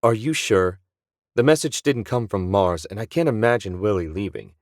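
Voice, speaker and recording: A skeptical male ship technician talks in a low, blunt, dismissive way, played by a male narrator. The recording is dry and close. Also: expressive, normal speed, no echo, natural voice.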